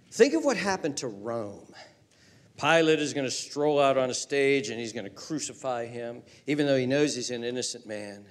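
A male pastor preaching a sermon, swinging from loud emphatic rises to hushed near-whispers and repeating phrases for emphasis. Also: medium pitch.

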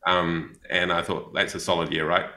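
Gravelly New Zealand man, bright and roomy. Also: deep voice, flat delivery, moderate pace. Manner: rambling, many fillers and restarts. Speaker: podcast co-host, missionary. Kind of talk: casual storytelling chat.

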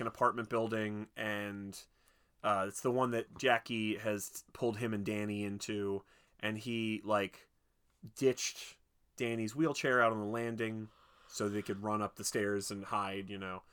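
A young man casually retelling a film's plot, rambling with many fillers and restarts, slipping into quick voices for the characters. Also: lowish voice, steady tone, a bit bright, clear, resonant tone. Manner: rambling, lots of "like" and restarts, acts out quotes. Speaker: podcast co-host recapping a film. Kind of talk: casual chat.

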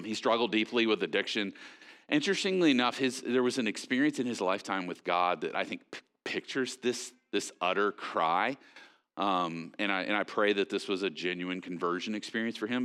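A man with a lower-pitched voice delivers a sermon as a pastor. His delivery is conversational and animated, with frequent fillers and quick restarts.

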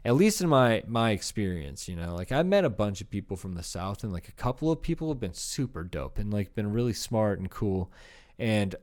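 Give me a young man from Iowa with a fairly low voice, rambling through a profane solo comedy rant. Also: big pitch swings, normal speed, darkish tone. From Iowa, USA. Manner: rambling, profane, laughing asides, says dude. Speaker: comedian podcast host.

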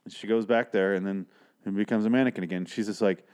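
A man's voice: lowish voice, steady tone, quick pace, darkish tone, clear, resonant tone. A man hosting a podcast alone, rambling and swearing as he recaps a story and acts out the characters. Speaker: podcast host. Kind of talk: casual solo podcast chat.

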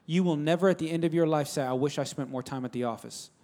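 A man's voice: on the high side, quick pace, a little mellow. Emphatic preaching man, drawl. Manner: repetitive, emphatic, conversational, calls to the congregation. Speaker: pastor. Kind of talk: sermon.

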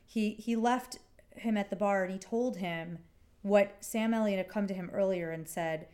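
A woman's voice: mid-range voice, normal speed, a little mellow. A woman co-hosting a podcast in casual chat, chiming in with short agreements and filling in details. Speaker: podcast co-host.

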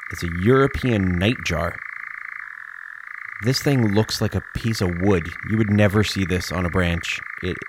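A man's voice: low voice, unhurried, noisy background. A man giving casual reaction commentary on bird sounds, joking, exclaiming and swearing.

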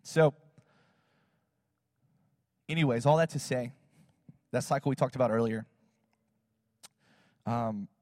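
A man, a pastor, telling a personal story in a sermon, animated and acting out what people said. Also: medium pitch, slow, long pauses, studio quality. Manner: animated, acts out quotes in other voices, fillers like "like" and "you know". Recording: long hall reverb.

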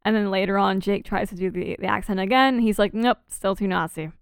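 A woman's voice: medium pitch, fairly even intonation, a little fast, gravelly, smooth, dry recording, clean studio sound. A young woman co-hosting a podcast in casual chat, talking freely with lots of fillers and laughter. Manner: chatty, laughs often, many fillers and restarts. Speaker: podcast co-host.

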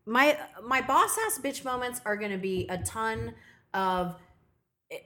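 Bright-voiced woman co-host, swearing freely. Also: on the high side, animated, unhurried. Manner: frank, heavy swearing, laughing. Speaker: podcast co-host. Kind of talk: casual chat.

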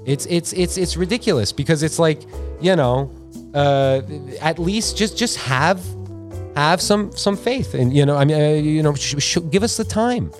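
A man hosting a podcast, ranting in an irritated, profane, animated way. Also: fairly high pitch, normal speed, soft background music. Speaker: podcast host. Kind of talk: casual podcast rant. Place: podcast studio.

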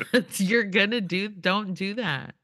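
A woman's voice: mid-range voice, slow pace, sharp tone, no room sound, studio quality. A woman co-hosting a podcast in casual chat, giggly and joking. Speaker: podcast co-host.

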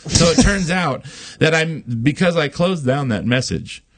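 A man's voice: on the high side, animated, measured pace, dry recording. A man hosting a podcast, telling a long story in casual chat, rambling with many fillers and frequent swearing. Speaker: podcast host.

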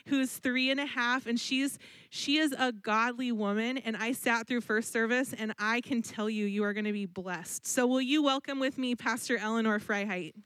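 A woman's voice: fairly high pitch, moderate pace, a bit bright, clean tone, no echo. A woman from the church leadership giving announcements and an affectionate, earnest introduction of the guest speaker.

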